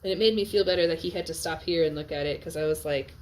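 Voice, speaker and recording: A woman teaching a Latin class, chatty and lively, checking in often with her students and sounding a bit tired. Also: low-pitched, quick pace. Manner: lively, chatty, asks frequent check-in questions. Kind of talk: classroom lecture on a Latin text.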